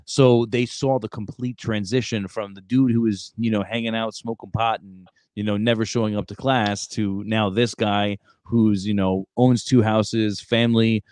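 A young man hosting a podcast, talking bluntly and casually with lots of fillers and quick asides. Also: fairly low pitch, steady tone, a little mellow, no echo, studio quality. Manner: blunt, talks fast with many fillers and acted quotes. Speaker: podcast host, former Marine recruiter. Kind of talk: casual interview chat.

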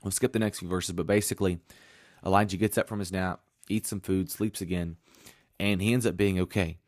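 Guy with a really low voice preaching, earnest and chatty, reads bible verses, dry close sound. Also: steady tone, fairly quick, no echo. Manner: earnest, conversational, reads scripture aloud. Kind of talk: sermon with scripture reading.

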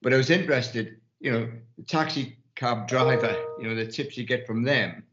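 A man's voice: medium pitch, moderate pace, roomy sound, highs cut off, background noise. A man from Newcastle with a Geordie accent, telling rambling anecdotes as an investment firm partner in a casual panel discussion. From Newcastle, England. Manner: rambling anecdotes, many restarts.

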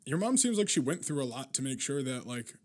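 A young man hosts a casual podcast interview. He talks quickly at an average pitch, stopping often for an "uh" as he works out his questions. He keeps it relaxed and easygoing. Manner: quick and easygoing, with many "uh" hesitations. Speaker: podcast host.

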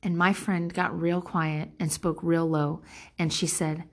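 A woman's voice: lowish voice, level tone, a little slow. A woman in her thirties in a candid, rambling personal monologue, blunt and emotionally intense, swearing freely. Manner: rambling with many fillers and restarts. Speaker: vlogger.

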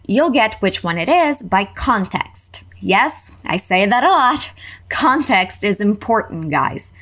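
Slow, lively Canadian woman teaching English. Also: mid-range voice. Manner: drills phrases slowly, repeats for learners. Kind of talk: slow, clear language lesson.

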